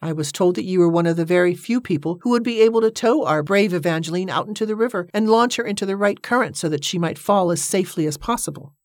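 A narrator voicing a brisk, commanding woman who lectures the others in an audiobook. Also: mid-range voice, animated, a bit bright, no echo, studio quality, pitched above the performer's own voice. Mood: bossy. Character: bossy, brisk woman campaigner.

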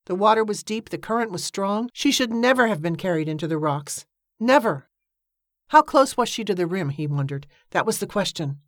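With a mid-range voice, this female audiobook narrator tells the story steadily and with measured pacing. The scripted reading is captured dry, at studio quality.

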